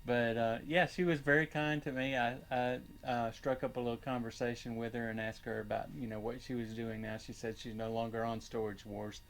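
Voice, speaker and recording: An older man hosting his own channel, chatting casually about his finds and rambling with many pauses and fillers. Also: mid-range voice, flat delivery, creaky, a bit bright. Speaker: channel host and reseller. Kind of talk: casual chat.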